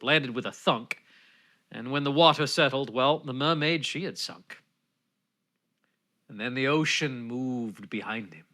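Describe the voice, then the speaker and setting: Guy telling a folksy sea ballad, lively and bright-voiced. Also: fairly high pitch. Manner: folksy down-east storytelling. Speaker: poetry reciter. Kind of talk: recited narrative ballad. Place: home, online gathering.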